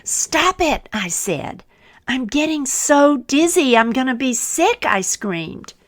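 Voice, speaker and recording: A woman voicing a frightened talking teacup in a storybook, crying out and protesting loudly. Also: medium pitch, expressive, extremely slow, no echo, clean studio sound, exaggerated voice. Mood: pleading, panicked. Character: a frightened, pleading clay teacup being made.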